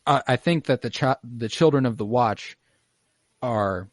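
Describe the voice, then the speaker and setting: A man hosting a podcast over a video call, talking through an episode scene by scene in an eager, loose way. He fills his talk with "uh" and swears freely. His voice sits at a middle pitch and sounds dry and close. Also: measured pace, no room sound. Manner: excited, swears freely, many fillers. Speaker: podcast host. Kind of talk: casual episode recap.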